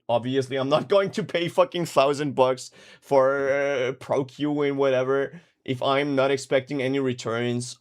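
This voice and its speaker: A relaxed male mix engineer chats casually while answering viewer questions, swearing freely and dropping into lively storytelling. His voice sits at an ordinary middle pitch. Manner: laid-back, profane, animated storytelling. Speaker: music producer and mix engineer. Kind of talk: casual livestream Q&A.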